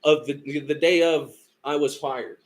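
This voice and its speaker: A man's voice: fairly high pitch, steady tone, measured pace. Profane, heated young man telling a story. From California. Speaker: tarot live streamer. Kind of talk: casual storytelling.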